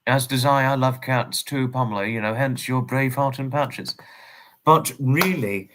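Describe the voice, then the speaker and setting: An English man at an everyday middle pitch chats through his livestream, greeting viewers one after another in polite, slightly formal phrases. He rambles and circles back, repeating himself as he goes. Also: measured pace, fairly bright tone, slight background noise. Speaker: livestream host. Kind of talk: casual livestream chat, greeting viewers and reading messages.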